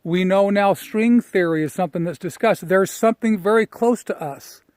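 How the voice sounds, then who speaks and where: Middle-aged man, fairly high-voiced, dry close sound, reflective storyteller who halts and restarts while walking outdoors. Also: darkish tone, no room sound. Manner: emotional, reflective, halting with fillers. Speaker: personal development speaker. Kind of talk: personal storytelling.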